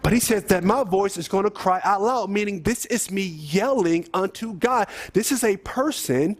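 High-pitched male preacher, earnest and urging, delivering a scripture sermon. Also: moderate pace. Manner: earnest, exhorting, addresses listeners as saints.

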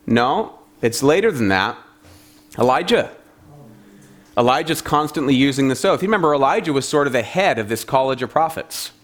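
A man's voice: medium pitch, lively intonation, moderate pace. A man preaching a sermon in a conversational, humorous storytelling way.

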